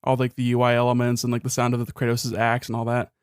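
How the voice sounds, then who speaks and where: A young man co-hosts a relaxed podcast chat with a smooth, resonant voice. He talks things through thoughtfully and slips in dry jokes. The sound is close and dry, with no room around it. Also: mid-range voice, fast talker, dry recording. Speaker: podcast co-host. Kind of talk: casual chat.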